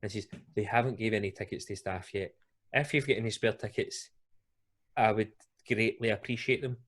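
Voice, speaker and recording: A man's voice: lowish voice, fairly quick, a bit bright. A man with a Glaswegian Scottish accent hosting a podcast. He tells a story in a chatty, colloquial way and laughs often. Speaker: podcast host. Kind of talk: casual podcast chat, storytelling.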